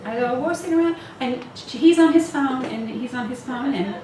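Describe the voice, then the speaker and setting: A woman's voice: high voice, brisk, a crowd in the background. Candid fifty-something woman in an echoey room. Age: 50s. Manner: candid, laughing often, self-deprecating. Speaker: retreat speaker. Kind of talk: candid talk to a women's retreat. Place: retreat meeting room. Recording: echoey room, far mic, noisy.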